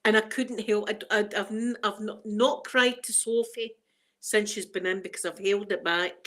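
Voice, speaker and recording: A woman's voice: medium pitch, fairly even intonation, normal speed, a bit bright. A middle-aged Scottish woman hosting a casual live chat, emotional and fighting back tears as she greets viewers by name. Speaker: livestream host.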